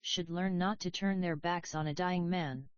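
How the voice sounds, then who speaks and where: A woman's voice: lowish voice, steady tone, normal speed, clear, resonant tone, no echo, lightly acted. A woman reading a hissing villain butler. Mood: venomous. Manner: hissing, venomous. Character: cruel scheming male butler villain. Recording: dry, slightly dull audio.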